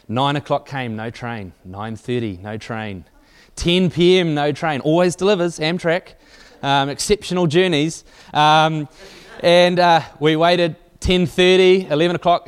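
A man delivers a sermon to a live church audience, spinning a wry, rambling travel story full of fillers and restarts. His voice is smooth and clear, sitting a little high for a man.

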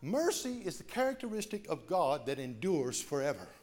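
A man pastor preaching a sermon with call-and-response, dropping soft then rising to shouts. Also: on the high side, very animated, normal speed. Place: church sanctuary.

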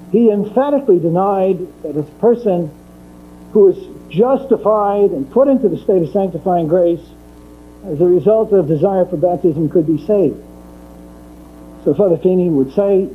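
High-voiced man giving a methodical lecture. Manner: methodical, repeats key points for emphasis. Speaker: Catholic lecturer. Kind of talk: theology lecture. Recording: tinny phone-like recording with mains hum.

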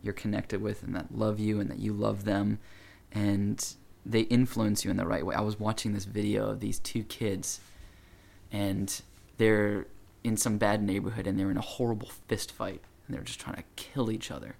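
A man's voice: fairly low pitch, level tone, normal speed, creaky, a little mellow. A talkative man hosting a casual conversation, telling stories earnestly. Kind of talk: casual chat.

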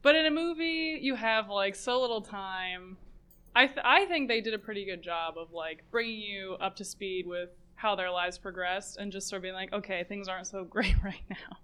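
A woman in a casual group chat, speaking in a measured, thoughtful way. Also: medium pitch, sharp tone, smooth. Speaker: panelist.

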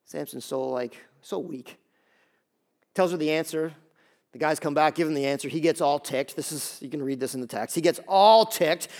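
A male pastor preaching a sermon, retelling a story in a lively, joking way and acting out the characters' lines. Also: on the high side, moderate pace. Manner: lively storytelling, acts out voices.

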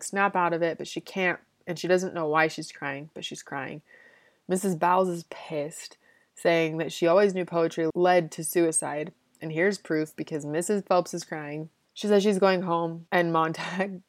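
Woman presenting a chatty book summary, slightly low voice, dry booth-like sound, talks in slang. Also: dry recording. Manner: chatty, slangy retelling with frequent "like".

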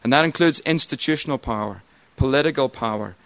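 A man and church member giving a formal debate speech, measured and argumentative. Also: mid-range voice, a bit bright, dry recording.

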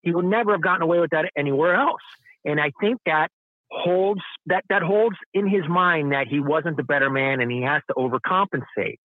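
A man's voice: a little high, brisk, no echo. Hesitant man on a tinny phone line. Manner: hesitant, repeats words, many fillers. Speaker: caller. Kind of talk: casual chat.

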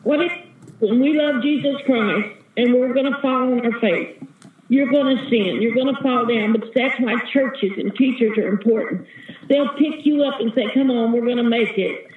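A woman's voice: high-pitched, moderate pace, roomy sound, phone-quality sound. A woman evangelist giving an earnest, vivid testimony as a guest in an interview. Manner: earnest, vivid storytelling, calls listener sister.

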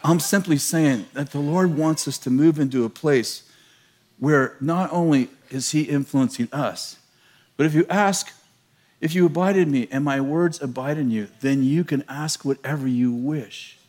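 A middle-aged American pastor preaching a sermon to a church, telling a story with laughter and self-mocking humor. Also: male voice, fairly high pitch, a little slow, darkish tone. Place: large church.

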